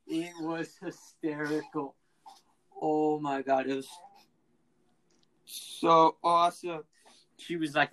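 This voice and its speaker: On a casual mini podcast, a teenage host tells the story of a prank in a fairly high voice, excitable and full of slang, often putting on voices for the people involved. He talks slowly and pauses a lot. The audio quality is poor.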